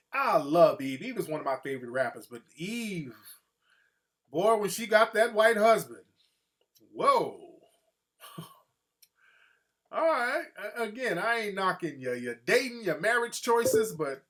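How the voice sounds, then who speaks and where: A man hosting a show, giving casual, profane opinion commentary in an animated way and often slipping into mocking impressions. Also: a little high. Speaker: host.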